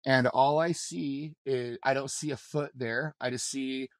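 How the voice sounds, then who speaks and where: A man's voice: medium pitch, fairly even intonation, unhurried. A man, a mountain guide on a podcast, telling a story in a loose, rambling way, full of swearing and restarts. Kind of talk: casual storytelling in an interview.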